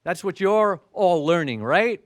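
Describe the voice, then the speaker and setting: A man in his sixties gives a motivational speech as an animated storyteller. His voice sits high and moves a lot in pitch. The recording is close and dry. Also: a little slow, no room sound. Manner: animated storyteller who acts out dialogue. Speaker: motivational speaker.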